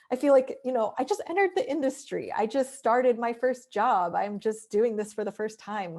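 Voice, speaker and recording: A woman's voice: medium pitch, a little mellow. Reflective young woman losing her voice. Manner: reflective, rambling with many "like" fillers. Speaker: interview guest, animation director. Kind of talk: casual interview.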